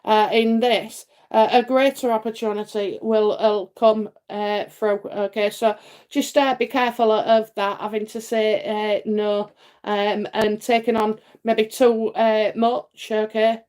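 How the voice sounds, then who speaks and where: In a mid-range, level voice that is a little slow and a little mellow, a middle-aged Englishwoman hosts a live psychic stream. Her chat and readings are casual and meandering, packed with fillers and repeats.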